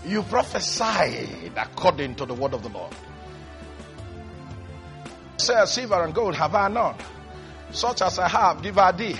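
A male preacher delivers a lively sermon in a notably high, piercing voice. He swings from quiet, confiding asides to shouted peaks. Soft music sits faintly behind him. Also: normal speed. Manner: animated, swinging from hushed to shouting. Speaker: pastor.

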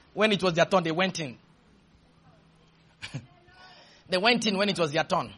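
A man preaching a sermon, leading the congregation in call-and-response with shouted refrains, then dropping into quiet, humorous storytelling. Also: high-pitched, quick pace.

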